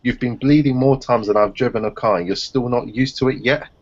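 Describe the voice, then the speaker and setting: A man chatting casually on a group video call, telling stories and acting out other people's voices. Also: fairly quick. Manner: animated storyteller, acts out others in high voices. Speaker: round table panelist. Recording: dull lo-fi call audio.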